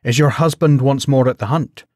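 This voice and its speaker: A man's voice: mid-range voice, normal speed, darkish tone, no echo, clean studio sound, pitched above the performer's own voice, lightly acted. A man voicing a flustered young knight who stammers and speaks in stiff courtly language in a storybook reading. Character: young male knight, flustered and overly formal.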